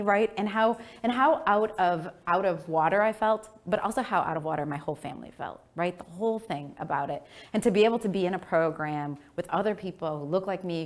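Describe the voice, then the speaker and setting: Woman from milwaukee giving a keynote, animated, laughs a lot, voice jumps way up and down. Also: mid-range voice. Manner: animated, imitates her parents' voices, laughs often. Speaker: keynote speaker. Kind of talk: lively storytelling speech.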